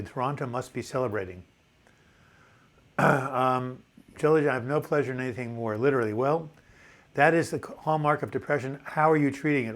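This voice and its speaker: Older male host, seventies, chatty and upbeat, reads comments aloud, stumbles and restarts words. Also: medium pitch. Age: 70s. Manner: chatty, enthusiastic, repeats words when restarting. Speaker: live chat host. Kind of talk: casual live chat reading viewer comments.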